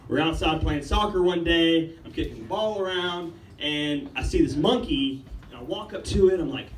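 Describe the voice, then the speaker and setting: A man's voice: a little high, moderate pace. A young man from Ethiopia doing a rambling, laid-back stand-up comedy set with lots of swearing. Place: open-mic comedy room. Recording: roomy, distant room mic with faint background noise.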